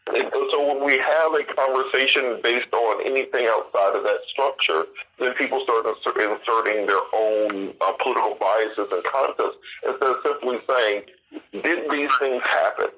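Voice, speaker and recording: A man's voice: mid-range voice, normal speed, bright, forceful tone, low-quality recording. A man, an attorney guest, giving precise legal commentary. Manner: precise, cites legal codes.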